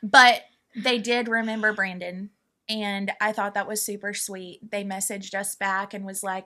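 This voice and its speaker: A woman's voice: mid-range voice, a little slow. A middle-aged woman hosting a casual family chat, telling stories animatedly and acting out the quotes. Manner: animated storyteller, acts out quotes loudly. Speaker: podcast host and mother.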